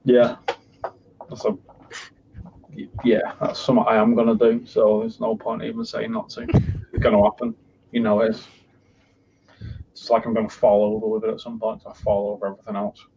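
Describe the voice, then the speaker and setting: Gravelly man, tired jokey podcast host. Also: on the low side, completely flat delivery, normal speed, long pauses, warm tone. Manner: rambling, tired and jokey, sweary. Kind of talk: casual chat. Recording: muffled lo-fi sound with noise.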